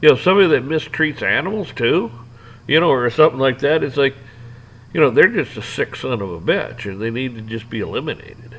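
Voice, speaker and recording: A man's voice: medium pitch, animated, brisk, poor audio. A man ranting off the cuff, rambling and swearing, with lots of restarts and fillers. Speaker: vlogger ranting to camera. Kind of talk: off-the-cuff rant.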